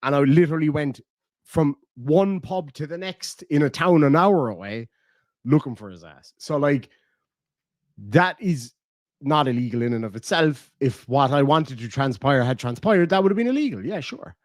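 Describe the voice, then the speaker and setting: Irish guy on stream, kinda high voice, swears a lot, dry close mic sound. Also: expressive, moderate pace, no room sound. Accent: southern Irish. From Ireland. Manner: blunt and profane, chatty. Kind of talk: casual livestream chat.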